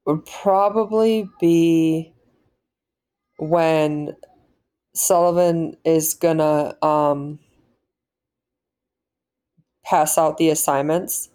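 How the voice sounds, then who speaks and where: Woman podcast co-host, deep and warm-toned, rambling casual retellings. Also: fairly even intonation, very slow, pauses often, clear, resonant tone. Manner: rambling, loosely strung retellings. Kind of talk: casual chat reviewing a TV episode.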